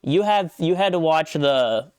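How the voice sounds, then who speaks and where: A man's voice: a little high, animated, a little slow, smooth, no room sound. A man co-hosting a casual podcast, ranting animatedly and swearing freely. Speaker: podcast co-host.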